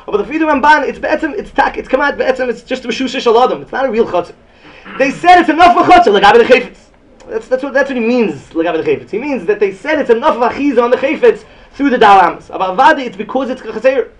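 A man giving an excited Talmud lecture. He repeats phrases often and mixes Yiddish and Hebrew terms into his English. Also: very high voice, fast talker, few pauses. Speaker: Talmud teacher.

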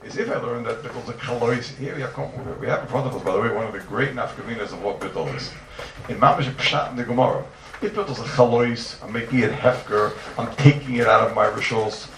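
A man teaching a yeshiva-style Talmud class to students, animated and firing rhetorical questions at them. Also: medium pitch, a little fast, creaky. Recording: roomy, distant mic, noisy ambience.

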